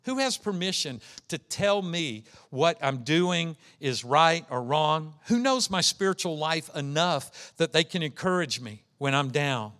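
A man's voice: fairly high pitch, expressive, unhurried, few pauses, a bit bright. A man preaching an earnest sermon as pastor, acting out the voices he quotes.

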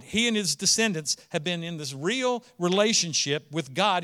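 Male pastor, sermon, bright voice, crisp and clear, earnest preaching. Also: high voice. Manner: earnest preaching, rising to emphatic declarations.

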